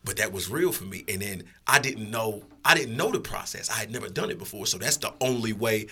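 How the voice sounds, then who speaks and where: A man's voice: fairly low pitch, animated, brisk, bright, forceful tone, slightly rough. A man, a rapper guest, telling rambling, profane stories in a laid-back casual way. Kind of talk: casual storytelling.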